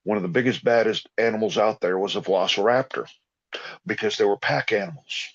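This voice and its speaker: A man with a low voice rambles along in loose, folksy speech, using informal grammar as he chats about healing. The recording sounds dull and lo-fi. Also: a little fast. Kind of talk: casual spiritual conversation.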